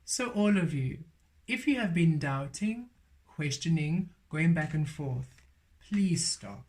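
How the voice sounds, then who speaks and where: Tarot reader, male, fairly high voice, unhurried emphatic delivery, repeats affirmations. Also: animated, a little mellow. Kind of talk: spiritual card reading.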